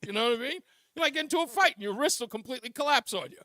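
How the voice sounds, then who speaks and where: High, bright-voiced talk radio host. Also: male voice, rapid-fire, no room sound. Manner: animated, laughs often while telling stories. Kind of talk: casual talk radio storytelling.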